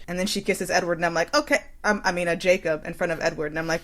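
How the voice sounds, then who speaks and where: A woman's voice: fairly low pitch, fast talker, few pauses. Chatty woman acting out quotes. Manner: animated, acts out quotes, laughs a lot. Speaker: podcast guest. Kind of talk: casual podcast chat.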